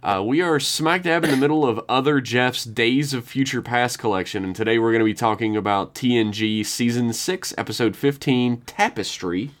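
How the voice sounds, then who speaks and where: Wry, deadpan podcast host man. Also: medium pitch, normal speed, few pauses. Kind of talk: casual podcast chat.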